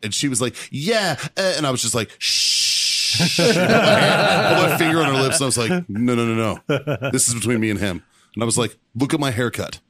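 A man co-hosting a podcast, telling a profane story in a casual, animated way and acting out the shouting in it. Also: mid-range voice, fast talker, a crowd in the background. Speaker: podcast co-host.

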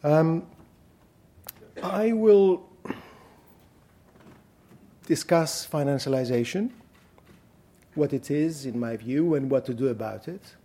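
Male academic, Greek accent, warm low-key delivery, deliberate lecture pace with ums. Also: lively intonation. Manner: measured, deliberate, frequent ums. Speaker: guest lecturer. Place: university lecture hall.

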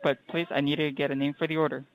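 A man's voice: a little high, level tone, fast talker, lo-fi sound, slight background noise. A man working at a restaurant, answering a caller politely and hesitantly, apologizing and saying "sir" a lot. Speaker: restaurant worker on the phone. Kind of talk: phone customer service.

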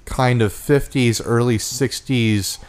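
A man's voice: medium pitch, steady tone, slow pace, clean tone. A man co-hosting a casual podcast chat, talking loosely with fillers and teasing his co-host. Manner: chatty, teasing, thinks aloud with fillers.

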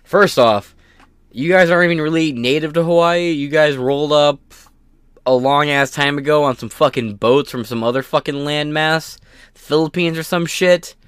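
Profane, sarcastic man hosting a commentary podcast, a touch higher-pitched, dry booth sound. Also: normal speed, fairly bright tone, smooth, dry recording. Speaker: podcast host.

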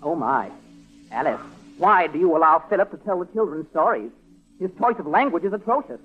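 Brief: prissy, high-voiced snob, vintage radio sitcom, tinny. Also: male voice, animated, fairly quick, slightly rough, soft background music. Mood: sniffy. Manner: haughty, fussy, condescending. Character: pompous, snobbish adult brother-in-law. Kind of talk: 1940s radio sitcom acting. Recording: tinny old radio broadcast.

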